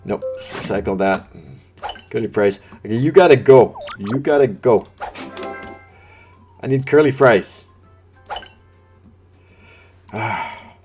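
A man's voice: on the low side, a little mellow. A man giving live commentary on a cooking game, talking to the customers, getting frantic and swearing under pressure. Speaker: gameplay streamer. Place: home gaming setup. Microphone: desk microphone.

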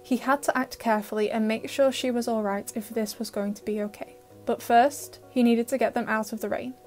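Woman, narrator, audio fan-fiction reading, emotive, fairly high voice, faint music. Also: brisk. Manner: steady, emotive storytelling.

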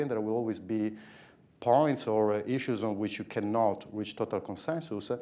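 A man from Italy speaking as a panelist in a policy discussion, talking in a measured, thoughtful way with frequent fillers. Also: medium pitch, warm tone.

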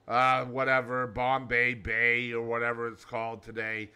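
A man hosting a comedic daily segment as a loud, over-the-top showman persona, hammering his points home. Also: mid-range voice, flat delivery, measured pace, smooth. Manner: loud, showman, mock-emphatic. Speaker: host.

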